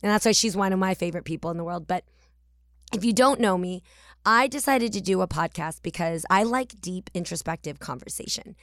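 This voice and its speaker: A woman's voice: lowish voice, fairly quick, fairly bright tone, no room sound. A woman in her forties from the Bay Area, hosting a podcast in a chatty, playful, candid and reflective monologue at a studio mic. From San Francisco Bay Area. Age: 40s. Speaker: podcast host.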